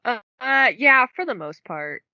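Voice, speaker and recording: A woman's voice: high voice, big pitch swings, measured pace, dry recording, dull audio. A young woman co-hosting a book podcast, chatting casually and filling her talk with "like". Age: young adult. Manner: chatty, many "like" fillers. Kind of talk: casual chat.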